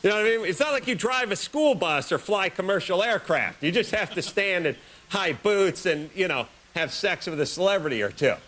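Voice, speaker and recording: Brief: male talk-show host, higher voice, dry sarcastic comic rambles. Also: a little fast. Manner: sarcastic, rambling, deadpan jokes. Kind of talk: comic monologue.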